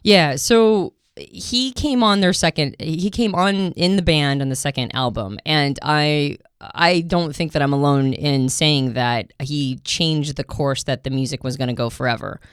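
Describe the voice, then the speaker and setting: Talkative woman podcast host, animated. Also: deep voice, unhurried, hardly any pauses, clean tone, dry recording, studio quality. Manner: talkative, animated, laughs often. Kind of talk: casual podcast chat.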